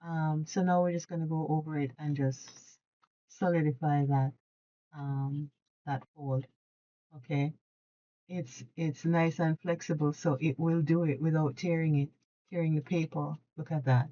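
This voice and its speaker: Chatty, excitable woman crafting at home. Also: low voice, a little slow, lo-fi sound. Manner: chatty, excitable, laughs often, self-correcting. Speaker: craft tutorial host. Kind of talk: casual hands-on tutorial.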